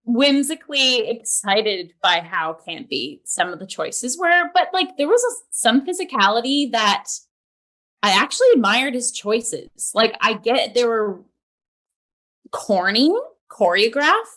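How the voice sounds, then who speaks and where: Brief: woman in casual review chat, rambling and enthusiastic, a touch high. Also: lively intonation, unhurried, a bit bright. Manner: rambling, full of "like", restarts. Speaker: theatre reviewer. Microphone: video call.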